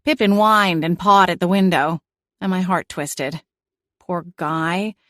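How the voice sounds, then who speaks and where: A woman's voice: on the low side, fairly even intonation, takes it slowly, a bit bright, no room sound, clean studio sound. Woman narrating a cozy mystery audiobook. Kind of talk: first-person scripted narration.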